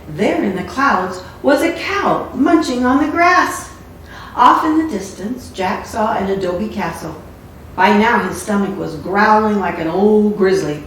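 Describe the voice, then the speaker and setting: Slow storytelling woman, echoey and distant. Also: medium pitch. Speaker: storybook reader. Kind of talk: reading a picture book aloud with asides. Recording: echoey room, mic far off, faint noise.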